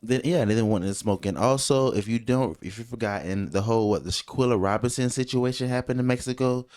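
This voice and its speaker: A man co-hosting a casual podcast, talking in an animated, jokey, rambling way with many restarts. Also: mid-range voice, brisk. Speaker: co-host.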